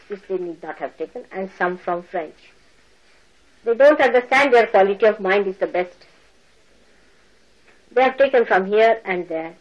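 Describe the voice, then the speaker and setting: An older woman giving a spiritual talk to followers, animated and laughing, mimicking people as she speaks. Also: mid-range voice, lo-fi sound. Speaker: spiritual teacher. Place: lecture hall.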